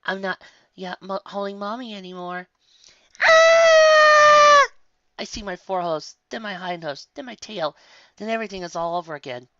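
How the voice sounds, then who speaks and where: A woman reading a fan story aloud with expressive storybook narration. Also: fairly low pitch, fairly quick, no room sound, dull audio. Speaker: story reader.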